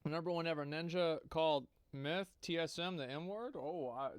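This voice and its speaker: High-voiced man giving amused reaction commentary. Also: normal speed, hardly any pauses, clear, resonant tone, dry recording. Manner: casual, profane, amused. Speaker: streamer reacting to a clip.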